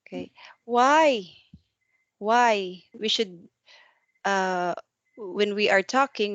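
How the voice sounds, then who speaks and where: A woman tutors English one to one over a video call, asking patient questions. She explains things slowly, with some non-native grammar. Her voice sounds dry and close. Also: mid-range voice, no room sound, lo-fi sound. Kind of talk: one-to-one online English lesson.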